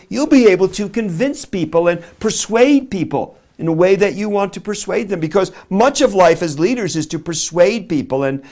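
A middle-aged man preaching a sermon, swinging from loud emphasis to very soft, slow words. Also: on the high side. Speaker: pastor.

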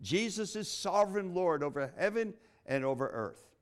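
Man, pastor, sermon, high-pitched, very animated delivery, dramatic pauses. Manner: expressive preaching with dramatic pauses and humor.

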